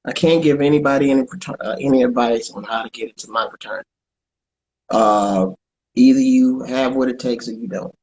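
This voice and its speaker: Casting: man, comedian guest, halting conversational delivery, mid pitch. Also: fairly even intonation, a little mellow, highs cut off. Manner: halting, repeats words, plugs his show. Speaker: comedian guest and podcast co-host. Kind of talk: casual interview chat.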